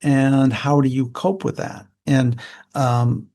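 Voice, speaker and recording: Older male psychologist guest, plain-spoken and reflective, mid-pitched voice, unhurried interview talk. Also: level tone, dark tone. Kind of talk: conversational interview.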